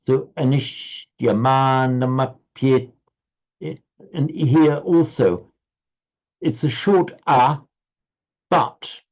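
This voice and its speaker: A man leads an online recitation class, explaining syllable rhythm patiently and stumbling into little restarts. His voice sits at a medium pitch. It comes through a slightly dull, lo-fi video call line. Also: darkish tone, breathy edge. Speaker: Sanskrit recitation teacher.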